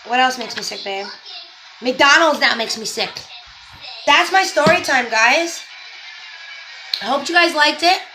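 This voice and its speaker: A young woman vlogger telling a story in a casual, animated way, acting out what others said in her own voice. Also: high-pitched, unhurried, pauses often, low-quality recording. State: pregnant. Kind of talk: casual story-time chat to camera. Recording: faint music behind.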